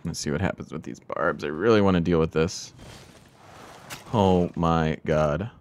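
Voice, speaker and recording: A man's voice: sits low, a little slow, darkish tone, slight background noise. A man streaming a strategy game, chatting casually and thinking aloud about his moves with self-deprecating remarks. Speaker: let's play streamer. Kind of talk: casual gameplay commentary.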